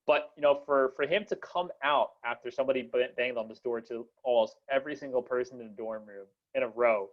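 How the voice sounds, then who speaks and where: A man's voice: medium pitch, brisk, few pauses. A young man hosts a casual podcast chat, rambling through stories with lots of fillers and restarts. His voice sits in a middling register. The sound is dull and lo-fi. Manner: rambling, many fillers and restarts, laughs often. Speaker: podcast host.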